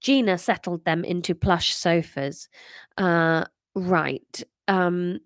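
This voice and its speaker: She speaks slowly in a low-leaning voice, studio quality and free of echo. This thirtysomething comedian host, congested and nasal, chats casually on her live stream while reading her own story, using lots of fillers and poking fun at herself.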